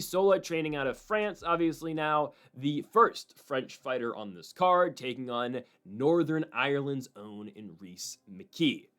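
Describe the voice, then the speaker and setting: A man hosting a solo fight-prediction show, talking in an animated, opinionated way and slipping in quick voices of other people. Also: on the high side. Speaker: MMA prediction channel host.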